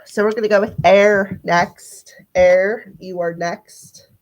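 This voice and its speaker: A woman with a squeaky voice giving a casual live-stream tarot reading, chatting straight to her viewers. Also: fairly even intonation, takes it slowly, highs cut off. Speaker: tarot and numerology reader.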